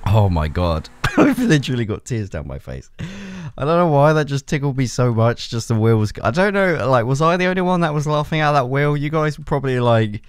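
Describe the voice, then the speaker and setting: A young man giving excitable gameplay commentary, laughing a lot and swearing freely. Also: mid-range voice, brisk, clean tone, no echo, clean studio sound. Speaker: gaming YouTuber.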